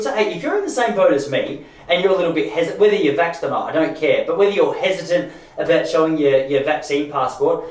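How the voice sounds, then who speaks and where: Australian male podcast host, 30s, chatty and self-deprecating, roomy distant sound. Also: fairly high pitch. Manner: rambling and chatty, with frequent restarts and self-deprecating asides. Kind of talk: casual monologue.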